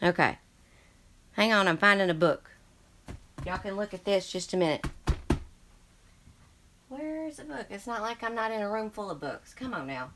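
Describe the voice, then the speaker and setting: A woman's voice: medium pitch, very animated, normal speed, pauses often, background noise. A woman hosting a casual craft livestream from her book-filled craft room. She talks in a chatty, scattered way and greets viewers as she reads their chats aloud. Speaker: crafting channel host. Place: craft room full of books.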